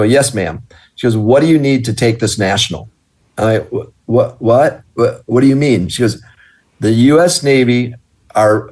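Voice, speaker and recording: A middle-aged man from the American Midwest, a business owner telling his story in an interview and acting out the dialogue as he goes. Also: lowish voice. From Wisconsin. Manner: animated, acts out quoted dialogue. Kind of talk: storytelling in conversation.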